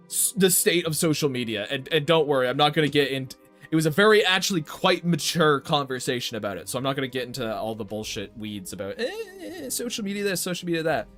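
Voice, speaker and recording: This is an artist streaming his drawing, a young man whose voice sits on the high side and sounds a bit bright. He chats casually and directly with viewers, ranting and swearing plenty.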